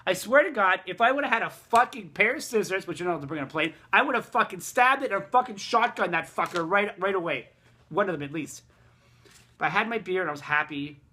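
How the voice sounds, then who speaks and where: A man rants to his viewers in a loose, rambling vlog, cursing constantly and getting worked up. His voice is bright and forceful with a tense edge. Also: sits high, fast. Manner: rambling, heavy swearing, excitable. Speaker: vlogger. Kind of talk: casual profane rant.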